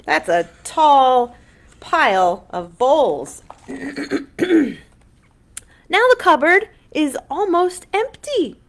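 Female children's librarian, high pitch, very lively swooping delivery, unhurried storytime read-aloud. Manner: animated, exaggerated sing-song delivery for young children.

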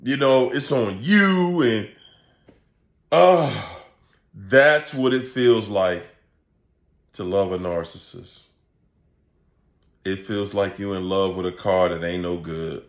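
A man, hosting a casual comedic vlog rant, laughing often and animated as he acts out quoted voices. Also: low voice, slow pace, long pauses. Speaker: channel host and coach. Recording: echoey room.

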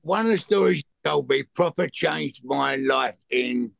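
A man in his sixties joking in casual banter with a very gravelly voice. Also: medium pitch, a little slow, fairly bright tone, no room sound. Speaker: guest. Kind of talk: casual chat.

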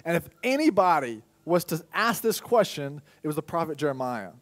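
Young male pastor, fairly high voice, animated sermon delivery with bursts of loud acted-out dialogue. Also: moderate pace. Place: church.

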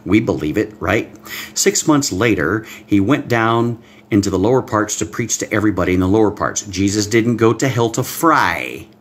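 A man preaching a livestream Bible-code sermon, excitable, swinging between hushed asides and loud exclamations and talking straight to his viewers. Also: on the low side, normal speed, slightly rough. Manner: talks directly to viewers, reads out comments. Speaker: pastor.

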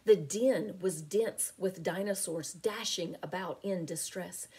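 A woman reading a picture book aloud as a teacher, with expressive, deliberate storytelling. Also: lowish voice, a little hiss or hum. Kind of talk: storybook read-aloud narration.

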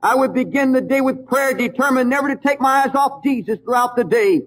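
A middle-aged man delivers a sermon in an emphatic, storytelling manner. His voice sits fairly high for a man, and he leans hard into each point with fervent conviction. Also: brisk, poor audio. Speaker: preacher.

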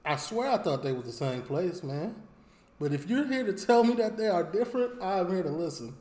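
A man hosts a reaction video in a relaxed, slangy way and talks right to his viewers. His voice sits fairly high for a man. The room around him sounds echoey. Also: normal speed. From Chicago, United States. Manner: laid-back slang, talks straight to viewers. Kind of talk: casual reaction commentary.

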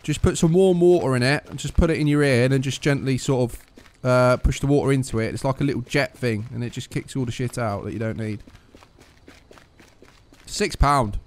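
A man's voice: mid-range voice, a little fast. A young man, chatting cheekily and swearing while playing an online game. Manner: cheeky, joking, swears freely. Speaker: gaming video host. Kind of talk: casual game commentary over voice chat.

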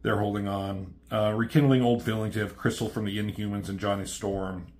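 A man's voice: lowish voice, fairly even intonation, brisk, a little mellow. A man casually recapping a comic book, profane and offhand, with a mocking edge as he quotes the characters.

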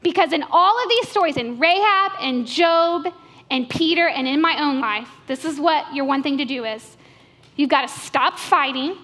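A woman pastor preaching a sermon, telling stories in an animated way and acting out inner voices. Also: sits high, normal speed. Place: church sanctuary. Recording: church hall reverb with soft music.

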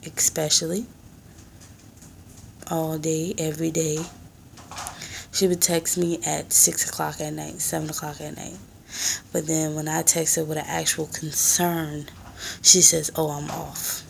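Slow, gravelly-voiced young woman rambling. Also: deep voice, level tone, a little hiss or hum. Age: 20s. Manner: soft-spoken, often hushed. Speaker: vlogger and mother. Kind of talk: casual rambling vlog. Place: small apartment.

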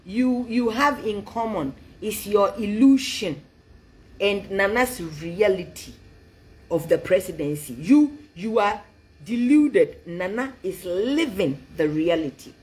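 A woman's voice: medium pitch, animated, slow pace, darkish tone. A woman delivering a taunting political rant, with sing-song mockery and laughter, switching between English and a local language. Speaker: political commentator.

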